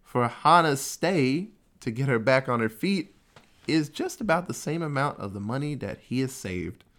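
A man's voice: medium pitch, expressive, moderate pace, a bit bright. A man recapping a movie in casual chat, rambling and swearing freely. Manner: rambling, profane, storytelling.

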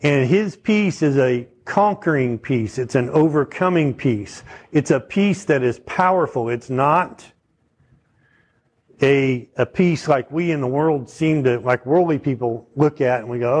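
A man preaches a sermon in a conversational teaching style, often checking in with his listeners and asking them questions. His voice is mid-range, a little mellow, and a bit slow.

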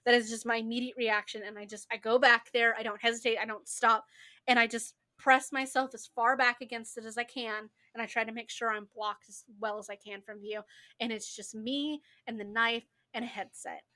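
Young woman podcast co-host, fairly high bright voice, emphatic casual storyteller. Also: flat delivery, brisk. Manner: emphatic, repetitive, swears casually.

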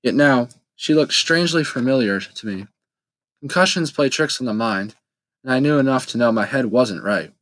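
A man reading a first-person novel aloud in steady, plain storytelling narration. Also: mid-range voice, normal speed, no echo, poor audio. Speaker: audiobook narrator.

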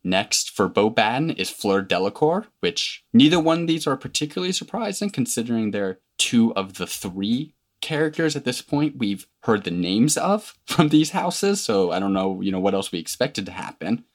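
A woman's voice: extremely low pitch, very animated, moderate pace. A woman co-hosting a casual book discussion podcast, summarizing the plot in a conversational way with asides. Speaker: podcast co-host.

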